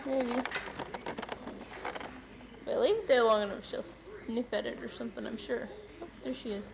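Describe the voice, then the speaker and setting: A woman's voice: on the high side, animated, moderate pace, vocal fry, crowd noise. A woman filming on a farm, chatting to her kittens and horses in a sing-song pet voice, held camera outdoors. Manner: sing-song baby talk to pets. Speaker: farm vlogger. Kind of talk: casual talk to animals while filming. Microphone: handheld camera.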